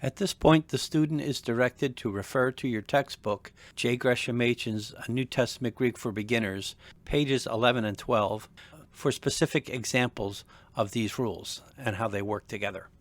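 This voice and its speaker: A man teaching a seminary language lesson in a measured, deliberate, scripted narration. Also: mid-range voice, no room sound. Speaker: seminary instructor.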